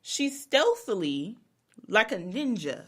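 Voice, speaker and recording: A woman's voice: mid-range voice, slow pace, breathy edge. A woman co-hosting a podcast, telling a casual story with profanity and acting out what people said. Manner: animated, profane, acts out quoted people. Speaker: podcast co-host.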